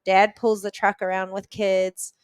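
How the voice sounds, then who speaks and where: Smooth-voiced woman telling a vivid story. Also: mid-range voice, level tone, dry recording. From New Zealand. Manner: vivid, earnest retelling with quick restarts. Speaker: podcast guest. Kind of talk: personal storytelling in a podcast interview.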